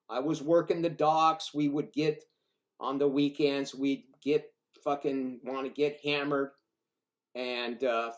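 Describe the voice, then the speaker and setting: Profane, rambling older man telling a story. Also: a little high. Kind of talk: casual spoken storytelling.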